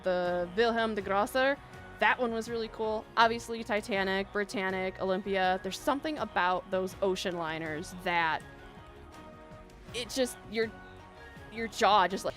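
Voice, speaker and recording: A woman's voice: mid-range voice, measured pace, a bit bright. A woman hosting a casual live stream, chatting and reading viewer messages aloud in a bubbly, rambling way, laughing often. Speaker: live-stream gaming host. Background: faint background music.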